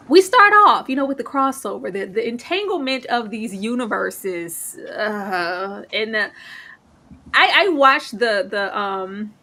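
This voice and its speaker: A woman hosting a casual TV recap chat, animated and laughing, acting out quoted lines. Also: medium pitch, takes it slowly. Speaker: host of a TV recap show.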